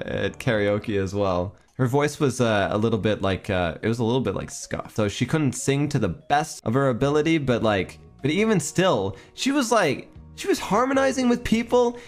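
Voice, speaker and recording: A man chatting casually and excitedly, telling a story with lots of laughter. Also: medium pitch. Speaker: streamer.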